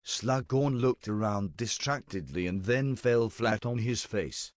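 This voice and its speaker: A man narrating a storybook-style tale in a steady, deadpan reading voice, close to the mic. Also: on the low side, slow, few pauses, no room sound.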